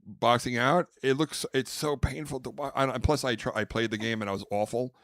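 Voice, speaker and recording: A man hosting a podcast in casual chat, rambling with restarts and bursts of mimicked squeaks. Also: fairly even intonation, brisk, a bit bright, dry recording, studio quality. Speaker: podcast host.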